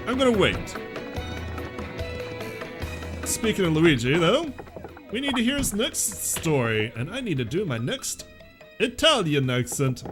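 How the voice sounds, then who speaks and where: A man hosting a let's play, chatting casually and thinking aloud as he plays. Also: on the high side. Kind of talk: casual game commentary. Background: game music.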